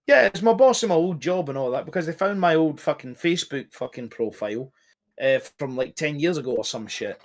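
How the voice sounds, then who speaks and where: A man's voice: a little high, lively intonation, a little fast. A man talking as a guest in casual podcast chat, swearing often and rambling emphatically.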